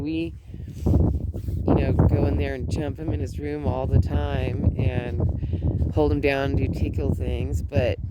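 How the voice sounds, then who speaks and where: A woman's voice: sits low, background noise. A middle-aged woman vlogging outdoors at home, chatting in a rambling way with many restarts. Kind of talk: casual chat.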